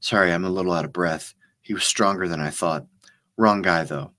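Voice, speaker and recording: A man's voice: sits low, a little fast, sharp tone. A man voicing a tough young female field operative, out of breath and matter-of-fact. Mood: breathless.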